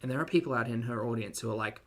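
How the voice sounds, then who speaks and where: A woman's voice: a bass voice, rapid-fire. A woman streaming a reaction commentary, mocking and blunt with dry sarcastic asides to her chat.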